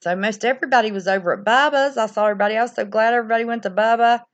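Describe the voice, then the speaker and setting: A woman's voice: a little high, racing. A woman hosts a casual livestream, rambling and reacting aloud to viewer comments. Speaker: livestream host reading viewer chat. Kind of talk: casual live-stream chat. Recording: slightly dull lo-fi sound.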